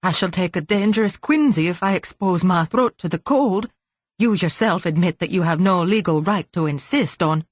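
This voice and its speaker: A woman's voice: on the low side, normal speed, no echo, close to an everyday voice. Woman narrator playing a fussy old-fashioned lawyer man, prim, gabbling, close dry sound. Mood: flustered. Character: fussy nervous male lawyer.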